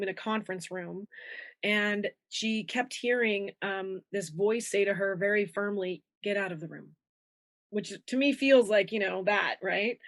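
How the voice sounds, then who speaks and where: A woman coach talking through ideas in an easy, conversational way. She is animated and slips into quick acted voices as she makes her points. Her sound is dry and close, with no room around it. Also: dry recording. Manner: animated, acts out inner voices with shifting pitch. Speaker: intuition coach, guest. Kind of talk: conversational interview.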